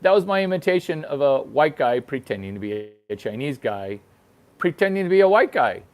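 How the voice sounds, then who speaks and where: Quick and sing-song, the host's high-leaning voice bounces through a crude, rambling comic bit where he repeats himself. It's a provocative one-man show recorded on a single microphone with no sound effects.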